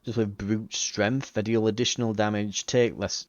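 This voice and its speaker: A man's voice: lowish voice, level tone, normal speed, no room sound, lo-fi sound. An English man hosting a let's play, giving casual gameplay commentary with chatty, joking asides.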